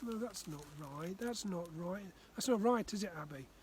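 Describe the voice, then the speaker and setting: A man voicing a small excitable boy who insists and repeats himself. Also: high-pitched, normal speed, a little hiss or hum, voice pushed up. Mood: upset.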